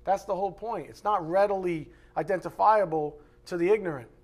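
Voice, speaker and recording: This high-pitched preacher moves briskly through an expository sermon, full of energy, parodying the voices of those who oppose him and raising his voice to a shout for emphasis.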